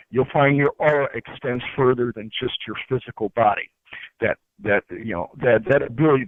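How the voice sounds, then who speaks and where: A man's voice: medium pitch, no room sound. A man as a guest, teaching spiritual ideas in an earnest, preachy way, often repeating words as he searches for them, heard over a phone line. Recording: tinny dry phone line.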